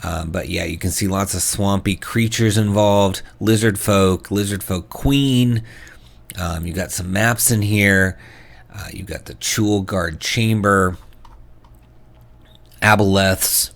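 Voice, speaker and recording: A man with a very low voice casually reviewing new tabletop game books. He talks hesitantly, with frequent ums and restarts, and slips into reading passages aloud. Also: slow, vocal fry. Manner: hesitant, many fillers and restarts.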